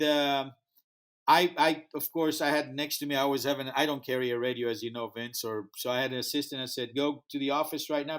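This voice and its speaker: A man who speaks English as a second language, telling a story in a podcast interview and acting out the voices of the people in it. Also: medium pitch. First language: not English. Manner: animated storyteller acting out dialogue. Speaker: music festival founder, guest.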